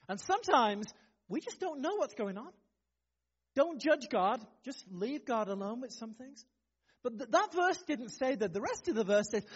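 A man preaching a sermon in a lively, conversational way, often asking his listeners rhetorical questions. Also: very high-pitched, moderate pace, breathy edge. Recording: slightly dull, lo-fi sound.

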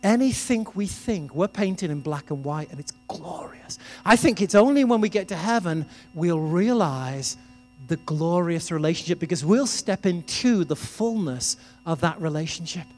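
A man's voice: high-pitched, expressive, moderate pace, a little mellow. A man preaching a sermon in a conversational, storytelling way. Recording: reverberant hall with music behind.

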